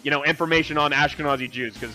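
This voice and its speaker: Give me a quick-talking, profane man ranting on a livestream, pitched fairly high. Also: fairly even intonation, loud music behind the voice. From Puerto Rico. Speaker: livestream co-host. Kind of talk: heated livestream discussion.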